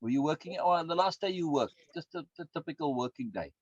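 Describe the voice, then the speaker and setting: A man leading a course in a conversational teaching style, rambling and repeating words, with his pitch swinging up and down. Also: lively intonation, quick pace, a little mellow, breathy edge, no room sound. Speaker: course instructor. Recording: dull lo-fi dry recording.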